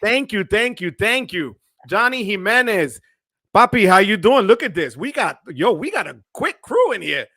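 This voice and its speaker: A man hosting a livestream, energetic and chatty, giving shout-outs to viewers. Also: high-pitched, moderate pace, dry recording, studio quality. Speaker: livestream host. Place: home studio.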